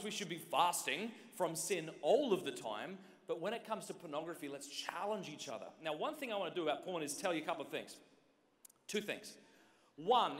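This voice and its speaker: A man speaking to a large conference audience in an energetic, joking way, talking straight to the crowd. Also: high voice. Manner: joking, direct, keeps addressing the audience. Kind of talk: energetic motivational talk to a crowd. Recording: long hall reverb.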